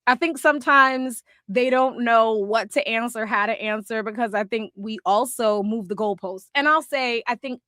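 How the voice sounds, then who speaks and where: Animated woman with a bright, dry voice. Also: a little high, moderate pace, few pauses, dry recording. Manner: animated, laughs often, acts out quotes. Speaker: podcast co-host. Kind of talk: casual chat.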